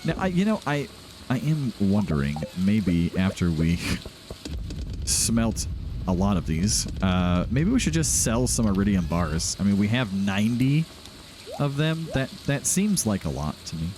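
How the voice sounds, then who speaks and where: Relaxed man hosting a game playthrough, low, lively voice, chatty and rambling. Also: unhurried, noisy background. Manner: chatty, rambling, laughs often. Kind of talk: casual gameplay commentary.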